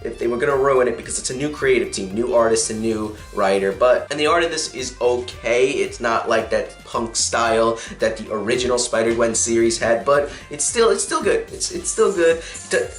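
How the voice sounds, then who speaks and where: A man's voice: mid-range voice, normal speed, hardly any pauses. Rambling young man reviewing comics. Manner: rambling, many fillers and restarts. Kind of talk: casual review, plot recap. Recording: echoey room with faint music.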